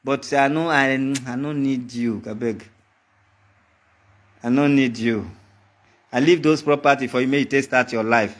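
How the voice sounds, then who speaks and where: A man's voice: medium pitch, a little slow, pauses often. A man with a Nigerian accent giving a heated monologue to the camera, taunting and mocking, repeating his threats over and over. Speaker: vlogger.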